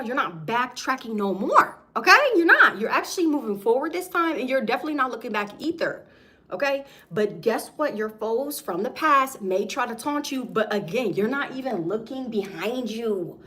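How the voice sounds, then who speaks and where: Young woman doing a tarot reading, slangy, keeps saying okay, kinda high voice. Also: expressive, moderate pace, fairly bright tone. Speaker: tarot reader. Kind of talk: casual tarot reading to viewers.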